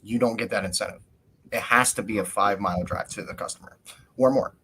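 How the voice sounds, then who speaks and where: A man's voice: fairly low pitch, fairly quick, a little hiss or hum. Ranting man telling a delivery story. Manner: animated rant, swears often, acts out quotes. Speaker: podcast host. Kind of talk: casual storytelling.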